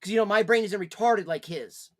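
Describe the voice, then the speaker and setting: A man scolds someone during a casual live stream, his profanity-laced rants moving briskly between tired, low sighs and loud shouting.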